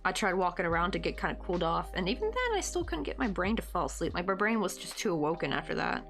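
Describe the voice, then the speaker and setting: A woman's voice: lowish voice, sing-song, fast, a bit bright, faint music behind. Chatty Southern American woman streaming. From United States. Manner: rambling, chatty, full of "like" and "um", reads out chat comments. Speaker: live streamer crocheting. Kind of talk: casual live stream chat.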